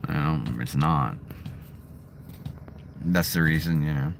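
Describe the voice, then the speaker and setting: A man's voice: rumbling low, fairly even intonation, slow pace, vocal fry, a little hiss or hum. A middle-aged American man chatting casually from his driveway, blunt and profane, swinging between heated and subdued. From United States. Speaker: vlogger. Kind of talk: casual livestream chat.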